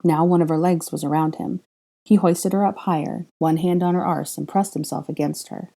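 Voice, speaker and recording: A woman reads a story aloud in a measured, even narration. Her voice is low and mellow. She drops in wry asides as she goes. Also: gravelly. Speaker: fan fiction reader. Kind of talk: audiobook narration.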